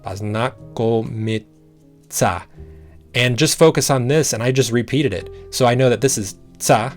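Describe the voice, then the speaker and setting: A man explains a language-learning method in a patient, encouraging way. He repeats sounds slowly to show each step. Faint guitar music plays underneath. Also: mid-range voice.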